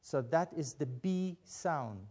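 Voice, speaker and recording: A man teaching a Biblical Hebrew lesson, patient and deliberate, spelling out each step. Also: a little high, animated, darkish tone. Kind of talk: slow instructional lesson.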